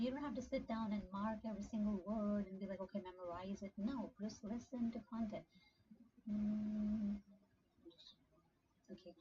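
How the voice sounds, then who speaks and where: A woman's voice: medium pitch, dark tone. A woman giving a casual screen-share language lesson, chatty and rambling with plenty of fillers. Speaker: language tutor. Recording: dull lo-fi sound with clear background noise.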